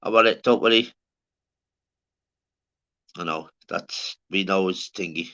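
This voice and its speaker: Man, livestream host, sweary rambling chat, bright forceful voice. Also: low voice, a little slow, dull audio. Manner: rambling, sweary, calls everyone lad. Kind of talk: casual live-stream chat.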